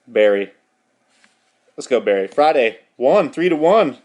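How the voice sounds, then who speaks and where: A man's voice: medium pitch, sing-song, a little slow, long pauses, a little mellow. A young man hosting a podcast, rattling off hockey scores in a profane, rambling, mock-outraged casual rundown. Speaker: podcast host.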